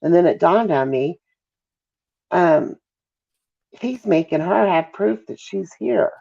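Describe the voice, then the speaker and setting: A middle-aged woman's low, dark voice, with vocal fry, moves slowly yet animatedly as she gives an emotional call interview as a mother. She often halts, apologizes and loses her thread, and the audio is dull and lo-fi.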